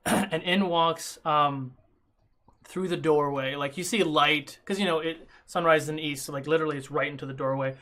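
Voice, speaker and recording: A man's voice: a little high, steady tone, moderate pace, sharp tone. A man narrating a tabletop game as game master, rambling with many fillers and restarts.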